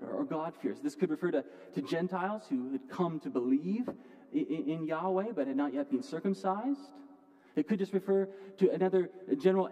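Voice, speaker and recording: A man preaching a sermon from the pulpit, earnest, often restarting words and moving between loud and quiet passages. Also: a little high. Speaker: pastor. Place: church sanctuary. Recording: long hall reverb.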